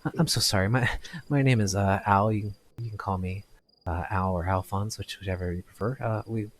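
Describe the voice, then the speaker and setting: A man's voice: fairly low pitch, fairly even intonation, a little fast, a little hiss or hum, lightly acted. A man voicing a polite, flustered human shopkeeper who stammers and apologizes.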